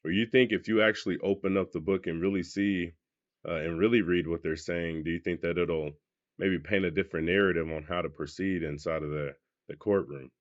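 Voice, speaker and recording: A man with a very low voice talks loosely and casually, throwing questions at his viewers as he reacts to clips. The sound is a bit dull and muffled. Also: steady tone, a little fast. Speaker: reaction video host. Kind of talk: casual commentary.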